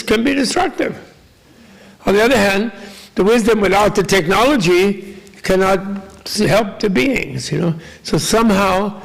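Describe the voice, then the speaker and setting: Gravelly high-voiced older man teaching. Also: poor audio. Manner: joking, rambling, with asides to the audience. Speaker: Buddhist teacher. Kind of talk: casual dharma talk to a live audience.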